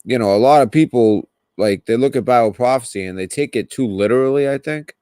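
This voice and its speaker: A man's voice: mid-range voice, a little fast, dark tone, clean tone, no echo, studio quality. A man with a Boston accent hosting a casual call-in chat, rambling and restarting his sentences. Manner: rambling, hesitant, many restarts. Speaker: podcast host.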